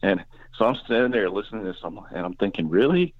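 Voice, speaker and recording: A man's voice: sits low, very fast, no room sound, narrow, tinny audio. A young man as a guest musician on a podcast, telling casual stories and laughing through them. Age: young adult. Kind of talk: casual interview storytelling.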